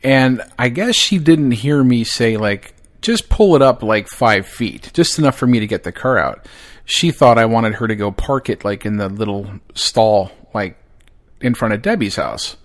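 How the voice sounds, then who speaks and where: Swearing, animated man telling a story. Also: mid-range voice, normal speed. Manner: profane, animated, laughing at his own story. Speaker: podcast host. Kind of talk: casual storytelling monologue.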